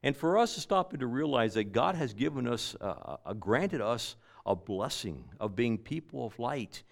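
A man preaching a sermon, repeating key phrases and swinging between loud emphatic lines and quiet, trailing endings. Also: medium pitch, big pitch swings, moderate pace, gravelly.

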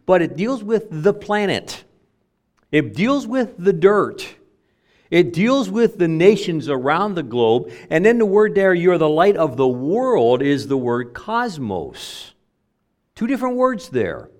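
A man preaching a sermon with a lively, swooping voice. He talks to the congregation in a plain, conversational way, then slows right down to stress single words. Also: sits high. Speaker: pastor.

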